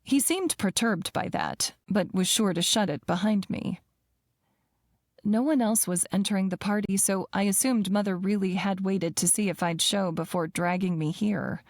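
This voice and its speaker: A woman's voice: medium pitch, normal speed, no echo. Woman reading a romance audiobook, dry studio sound. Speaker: audiobook narrator. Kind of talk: first-person romance narration.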